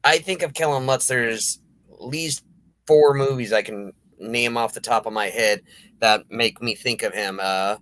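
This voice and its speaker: A man's voice: medium pitch, measured pace, a bit bright. A man who runs a podcast, chatting casually and hesitantly, with frequent restarts. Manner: hesitant, full of fillers and restarts. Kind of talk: casual chat.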